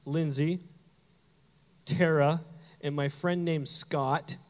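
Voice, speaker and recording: A man's voice: a little high, slow pace. Canadian guy preaching, tells stories, acts out voices, long hall echo. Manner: animated storytelling, acts out quoted voices. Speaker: pastor. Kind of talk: sermon with personal story.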